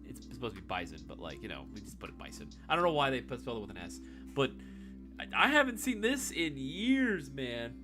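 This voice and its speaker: Animated, swearing young man streaming. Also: mid-range voice, fairly quick, soft background music. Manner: animated, swears freely, laughs often. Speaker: live stream host answering viewer questions. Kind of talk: casual live-stream chat.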